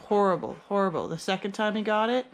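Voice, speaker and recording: Dog-owner woman, casual home vlog, middle-pitched voice, noisy kitchen audio. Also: lively intonation, fast. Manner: coaxing pet talk, rising high when calling the dogs. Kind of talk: casual home vlog, talking to her dogs. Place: home kitchen with dogs around.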